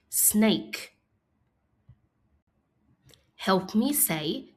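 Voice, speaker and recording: In an animated, medium-pitched voice, a woman guides young learners through a phonics lesson, speaking slowly and clearly with classroom encouragement.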